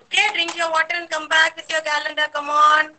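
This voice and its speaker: A woman with an Indian English accent leading small children through an online class, giving slow, clear, encouraging instructions. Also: high voice, little pitch movement, pushed and bright, slight background noise, rough recording. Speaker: kindergarten teacher.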